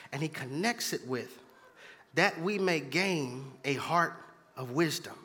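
A man's voice: mid-range voice, moderate pace, sharp tone, long reverb tail. A man preaching a sermon as pastor in a church, emphatic and repetitive, calling out to the congregation. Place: church sanctuary.

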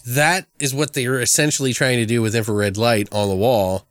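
A man in casual conversation, excitedly retelling movie scenes and acting out lines with swearing. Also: medium pitch, brisk, no room sound. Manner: animated storyteller, acts out movie lines with profanity. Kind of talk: casual film review chat.

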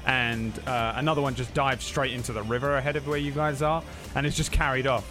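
A man's voice: mid-range voice, steady tone, a little fast. Laid-back male game master. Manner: casual, laughs often, filler words. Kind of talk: narrating a tabletop game. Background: background music.

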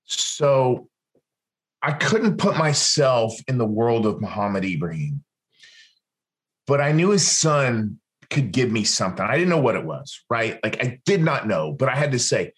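A podcast guest, a man, tells a long story in an animated way. He acts out other people's lines in different voices and often restarts his sentences. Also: mid-range voice, unhurried. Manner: rambling, with frequent restarts.

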